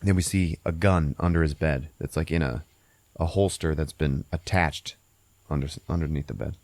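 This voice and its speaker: Brief: deep-voiced male podcast host, swearing casual movie recap. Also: normal speed, no room sound. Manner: profane, laughing, animated storyteller.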